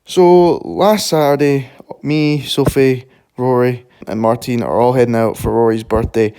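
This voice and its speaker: A young man, a fitness coach vlogging casually to camera, excitable and swearing freely as he rambles through his stories. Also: mid-range voice, measured pace, smooth, no echo. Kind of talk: casual vlog talk to camera.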